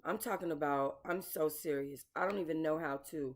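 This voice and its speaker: A commentary channel host, a woman with a deep voice, talks at a moderate pace. She speaks bluntly and emotionally to her viewers in a casual way, swearing and addressing them as y'all.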